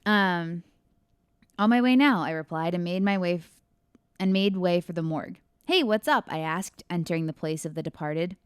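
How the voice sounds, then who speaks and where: A woman's voice: fairly low pitch, clear, resonant tone, no echo, studio quality. Woman reading her story aloud on a podcast. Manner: laughs often, quick asides. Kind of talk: reading aloud with casual chat asides.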